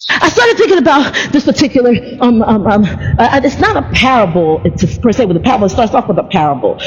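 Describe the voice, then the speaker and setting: A woman's voice: a little high, big pitch swings, fast talker, long reverb tail, highs cut off. A woman vlogger in a casual faith monologue, rambling playfully and stammering through many restarts.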